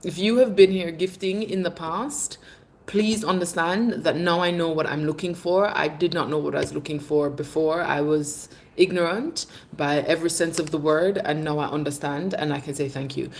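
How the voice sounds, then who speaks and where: A woman hosts a casual livestream, chatting animatedly and calling her viewers babes. Her voice sits a little low, and she swings up in pitch when she gets excited. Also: moderate pace, slight background noise. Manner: bursts of laughter, lively pitch swings. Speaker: livestream host. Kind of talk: casual livestream chat reading comments. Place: Jamaica.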